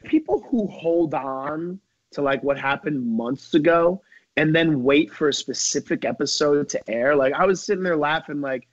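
Dude guest on a podcast, rambly, says like a lot, kinda higher voice, muffled audio. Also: male voice, moderate pace, no room sound. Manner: rambling, fillers like "like" and "you know", animated storytelling. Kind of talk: casual chat.

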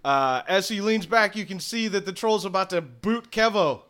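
A young man narrating a tabletop game as game master, with filler pauses. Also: high-pitched, animated, a bit bright.

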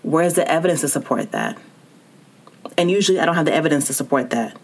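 Podcast host, female, low voice, encouraging solo talk to listeners. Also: expressive, fast talker, creaky. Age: adult with child and spouse. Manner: warm encouraging, speaks directly to listener.

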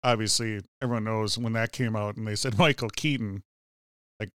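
A man co-hosting a casual movie chat, animated and full of "you know". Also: on the low side, a little fast, clear, resonant tone, no room sound, clean studio sound. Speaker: podcast co-host.

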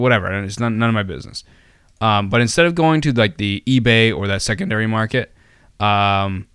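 Smooth low-voiced man hosting a podcast. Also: fairly bright tone, dry recording, studio quality. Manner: rambling, many fillers and restarts; jokey, self-deprecating asides. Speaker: podcast host. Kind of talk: casual podcast chat.

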